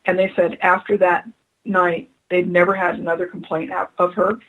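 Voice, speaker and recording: Her voice is fairly low and slightly rough, delivered flatly at normal speed through narrow, tinny audio. She is a spiritual adviser being interviewed on radio, choked up, telling stories earnestly and repeating key phrases to emphasize them.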